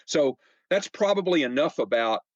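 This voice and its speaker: This podcast guest, an American in his seventies, spins casual, conversational stories, repeating words, using plenty of fillers and acting out what people said. His slightly high voice is animated and moves at normal speed, with lo-fi sound and no room sound.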